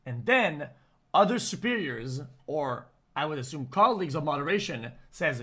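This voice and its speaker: A man streaming, reasoning aloud in a quick, casual way. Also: fairly high pitch, expressive, pushed and bright.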